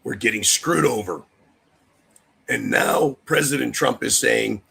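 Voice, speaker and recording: A man's voice: medium pitch, a little slow, creaky, long pauses, bright, forceful tone, slightly rough. A man hosting a livestream, delivering a heated, profane political rant and talking straight to chat viewers. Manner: addresses chat viewers directly. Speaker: livestream host.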